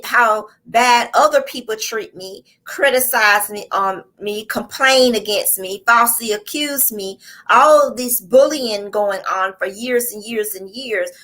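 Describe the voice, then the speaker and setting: A woman hosts a live online show in a fervent, preaching-style motivational delivery. Her voice sits high and sounds bright and forceful. She drives her points home with repeated phrases and calls out to her listeners. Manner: fervent, repetitive, with call-outs to the audience. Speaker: host and coach.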